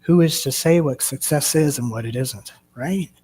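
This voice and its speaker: A man's voice: mid-range voice, moderate pace, dark tone, breathy edge. A male minister giving a sermon, telling a story and asking rhetorical questions. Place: church sanctuary.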